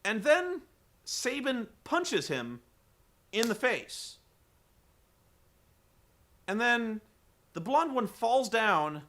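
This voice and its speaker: A high-pitched man recaps a wrestling show for comedy, rambling and incredulous, swearing and loudly acting out the quotes.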